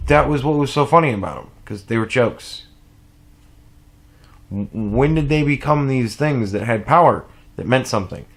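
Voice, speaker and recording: A man giving casual reaction commentary, animated and profane, rambling with restarts and sounding sleep deprived. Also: fairly high pitch. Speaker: commentary vlogger.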